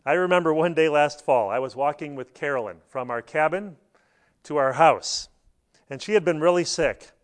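Delivering a sermon to his congregation at a moderate pace, this middle-aged pastor has a slightly high voice. His storytelling is lively, and now and then he erupts into loud, high-pitched bursts while acting out quotes.

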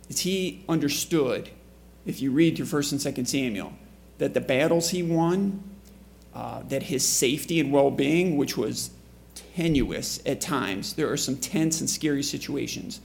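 A man's voice: mid-range voice, measured pace, gravelly, darkish tone. A man preaching a conversational sermon to a congregation in church, often asking the listeners questions. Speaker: pastor.

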